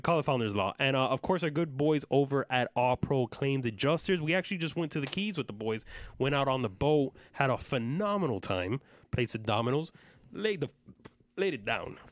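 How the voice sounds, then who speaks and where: A man hosting a podcast in loud, joking, profane casual chat. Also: mid-range voice, expressive, brisk, dry recording. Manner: loud, joking, swearing freely. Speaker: podcast host.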